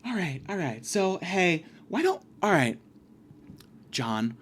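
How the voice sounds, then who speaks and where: A man's voice: high voice, very animated, slow, fairly bright tone, husky, full character voice. A man voicing a weary female professor who sounds hesitant and placating.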